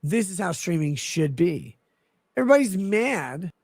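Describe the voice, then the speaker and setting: A man with a high-pitched, gravelly voice talks on his livestream while drunk. He rambles and slurs, then bursts out swearing in exasperation. The sound is close and dry, with no room around it. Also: very animated, a little slow, a little mellow, no room sound. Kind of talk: rambling drunk stream talk.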